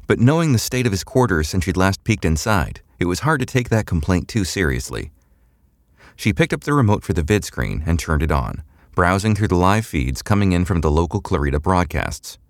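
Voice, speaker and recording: A man narrating a sci-fi serial audiobook in a measured, even reading. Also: low-pitched, no echo, studio quality. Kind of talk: scripted narration.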